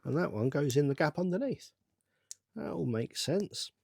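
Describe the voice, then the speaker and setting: A middle-aged man, rambling to himself in a casual build-along chat with bursts of excitement. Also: a little high, moderate pace, vocal fry, no room sound, clean studio sound. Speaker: channel host.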